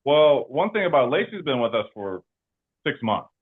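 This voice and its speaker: A man talking over a thin, phone-like call line, his voice sitting in an ordinary middle pitch. He explains things the way a coach would, stopping often to ask "okay?" and "makes sense?" to check that the listener is keeping up. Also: very animated, moderate pace, slightly rough. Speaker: insurance agency owner. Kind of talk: interview guest.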